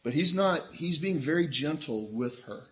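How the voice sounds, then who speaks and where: A middle-aged man delivers a sermon from the pulpit, his voice sitting a little high and coming across bright and forceful. He preaches in an animated way, dropping into the voices of the people in the story as he tells it. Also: moderate pace. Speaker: pastor.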